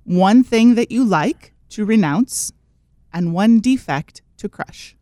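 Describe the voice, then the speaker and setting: A man's voice: high-pitched, lively intonation, slow, dark tone, no room sound. A man guest on a Catholic talk show, laying out practical points in casual chat. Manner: practical, listing points, laughing easily.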